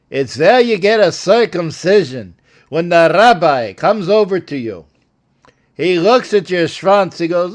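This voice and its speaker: A man's voice: high voice, very animated, unhurried. An older man hosting a sports show, rambling and joking with callers in a casual live-stream chat.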